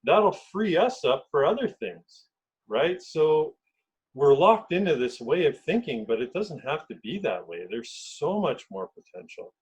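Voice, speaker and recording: Husky man sharing reflective thoughts. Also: fairly high pitch, very animated, measured pace, rough recording. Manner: reflective, earnest, frequent "you know". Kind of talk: casual conversation.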